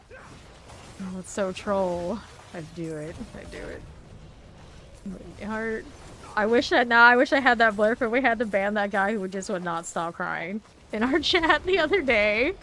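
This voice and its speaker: A woman's voice: medium pitch, expressive, slow pace, long pauses, fairly bright tone, a little hiss or hum. A woman streaming a game live, rambling chattily and laughing often as she plays. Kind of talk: live gameplay commentary.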